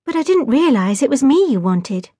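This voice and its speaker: A woman gives voice to a bookish young girl, playful and pleading, her lines rising high. The reading stays close and dry in a studio. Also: big pitch swings, moderate pace, slightly rough, no room sound, full character voice. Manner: bright and pleading, with a grin.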